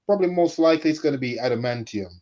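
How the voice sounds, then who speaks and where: A man reasons out his points in long, confident runs of speech. His mid-pitched voice comes through a dull, lo-fi recording with the top end muffled. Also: expressive, racing, mellow. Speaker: podcast co-host. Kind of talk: casual chat. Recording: dull lo-fi mic.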